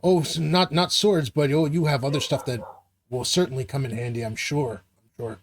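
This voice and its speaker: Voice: mid-range voice, fairly even intonation, normal speed, a little hiss or hum, lightly acted. A game master voicing a nervous gummy bear guide who stammers and keeps repeating words, in a live tabletop game. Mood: hesitant.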